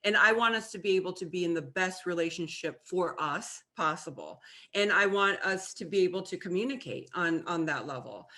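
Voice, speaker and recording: A woman's voice: on the low side, animated, moderate pace, sharp tone. A woman co-hosting a talk show, telling a personal story in an earnest, reflective way. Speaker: co-host.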